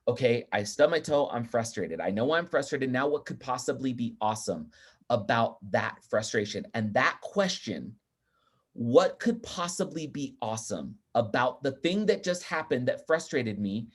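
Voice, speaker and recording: A man speaking as a podcast guest, talking in an energetic, emphatic and chatty way. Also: medium pitch. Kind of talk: casual interview talk.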